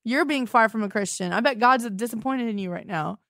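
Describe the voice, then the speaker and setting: A woman's voice: a little high, brisk, a bit bright, no echo, clean studio sound. A young woman hosting a comedy podcast, talking in a melodramatic, accusatory, whiny way. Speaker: podcast host. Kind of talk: improvised comedy phone call.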